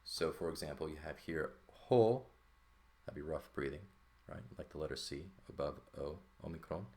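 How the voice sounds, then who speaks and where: Male Greek tutor with a deep, low voice, relaxed walkthrough style, keeps asking "right?". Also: moderate pace. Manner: explains terms with frequent "right?" check-ins and fillers. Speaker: Greek language teacher. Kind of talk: casual textbook lesson walkthrough.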